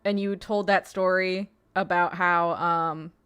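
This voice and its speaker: A woman's voice: fairly low pitch, steady tone, slow, a bit bright, clean tone. A young woman streaming a video game from home, rambling in casual, self-deprecating commentary full of swearing and laughter. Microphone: streaming mic with webcam.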